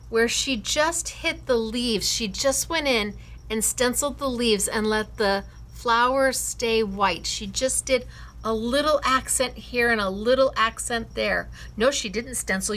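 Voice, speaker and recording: A woman's voice: a little high, unhurried, a bit bright. A woman hosting a scrapbooking class, enthusiastically showing and praising her students' cards and laughing often. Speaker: craft class host.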